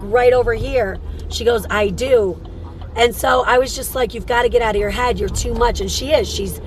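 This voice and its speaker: A woman's voice: fairly high pitch, slight background noise, rough recording. A woman who works as a psychic medium and hosts a show, telling a story in a rambling, casual way and repeating phrases for emphasis.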